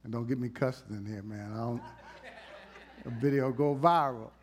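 A man preaching a sermon in a church, conversational and teasing with the congregation, and swinging between loud emphasis and hushed tones. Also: mid-range voice, normal speed, a little hiss or hum.

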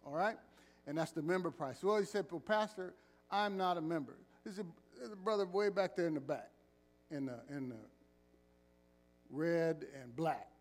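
A man's voice: on the high side, darkish tone. Joking pastor leading his congregation. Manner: call-and-response, joking with the congregation. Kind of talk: sermon with announcements. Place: church.

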